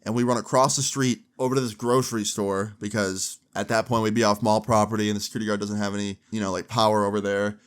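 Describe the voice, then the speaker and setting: A man's voice: lowish voice, flat delivery, quick pace, few pauses, smooth. Young man telling a casual story. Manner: casual, swears freely, lots of "like" fillers. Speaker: storytime vlogger.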